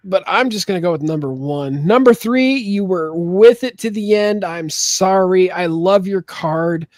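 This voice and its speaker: Drunk guy hosting a card game stream, high voice, swears nonstop, dry close mic. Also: moderate pace, few pauses, no echo. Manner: drunk, loud, profane banter. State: tipsy. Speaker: podcast co-host. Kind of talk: casual party-game chat.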